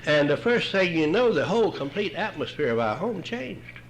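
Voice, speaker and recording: A man's voice: a little high, big pitch swings, normal speed, a little hiss or hum, poor audio. An older man, telling his own story at a recovery meeting in a folksy, wry way. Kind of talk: humorous personal storytelling talk.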